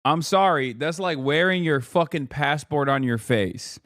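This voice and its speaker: A man's voice: fairly high pitch, unhurried, few pauses, fairly bright tone, no room sound, clean studio sound. A man streaming political reaction commentary, talking casually in a sarcastic, profane and mocking way.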